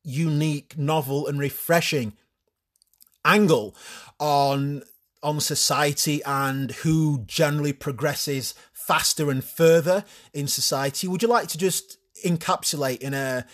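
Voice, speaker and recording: A man's voice: a little high, fairly even intonation, unhurried, fairly bright tone. A man doing a gushing male breakfast TV presenter. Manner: formal, gushing presenter introduction.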